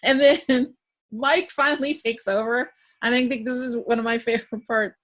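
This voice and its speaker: Speaking at a normal speed in a voice on the high side, a woman hosting a podcast chats casually through an episode recap. She laughs frequently and brings the quoted lines to life as she goes.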